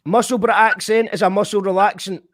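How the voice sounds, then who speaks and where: A man hosting a casual live stream, excitable and given to swearing and shouting when thrilled. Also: high voice, brisk, dry recording. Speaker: host of a live stream show.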